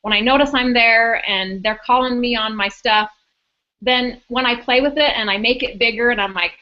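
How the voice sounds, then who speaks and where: A woman's voice: a little high, moderate pace, lo-fi sound. A middle-aged woman co-hosting a casual group chat, earnest and encouraging. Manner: earnest, encouraging, a few restarts. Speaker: co-host.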